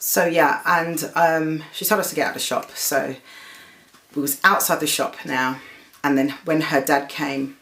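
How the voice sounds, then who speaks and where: A woman's voice: steady tone, unhurried, fairly bright tone, echoey room. A woman, hosting her own show and earnestly retelling a dispute, stumbling and restarting as she goes. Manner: voices the other people with a raised pitch. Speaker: host. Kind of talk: personal storytelling to camera.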